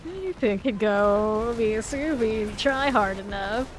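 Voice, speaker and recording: A woman's voice: fairly high pitch, slow pace, slight background noise. A woman streamer chatting casually while playing a game live, rambling and laughing often.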